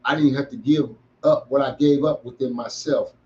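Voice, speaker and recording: A man's voice: medium pitch, fairly even intonation, normal speed, darkish tone, dull audio, a little hiss or hum. Preachy middle-aged man, street slang. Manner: emphatic, preachy, heavy street slang, calls listeners bro and homie. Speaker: podcast host. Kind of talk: motivational monologue to young listeners.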